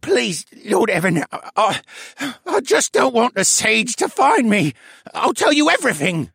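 A man voicing a battered male bird demi-human prisoner in an audiobook, bitter and desperate, with a husky voice and sneering, stammering delivery. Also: sits high, sing-song, moderate pace, a bit bright, no echo, studio quality, voice pushed up, full character voice. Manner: sneering, then pleading and stammering. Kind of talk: audiobook character voice.

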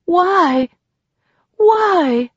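Storybook read-aloud: woman reading as a desperate, grieving young woman, slow delivery, dry sound. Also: a little high, a little mellow, dry recording. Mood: pleading. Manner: pleading, tearful, breathy. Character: heartbroken young woman pleading for her lost lover. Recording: slightly dull dry recording.

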